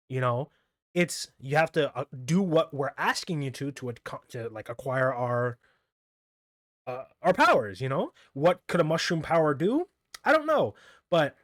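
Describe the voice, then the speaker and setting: A man's voice: fairly high pitch, fairly bright tone, no room sound, clean studio sound. A man casually recapping manga chapters as a reviewer, rambling, correcting himself often and chuckling as he goes.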